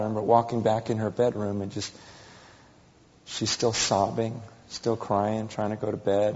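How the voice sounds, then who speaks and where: A man in his thirties preaching a sermon, telling stories animatedly and swinging between loud exclamations and hushed confession. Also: on the low side, fairly even intonation, normal speed, vocal fry. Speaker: pastor. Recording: dull reverberant hall recording.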